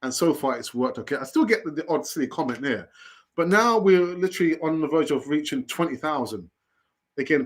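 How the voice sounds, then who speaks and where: Casting: man, live-stream football host, animated delivery, lively pitch. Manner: animated, repeats phrases, asides to himself. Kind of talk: live-stream news chat.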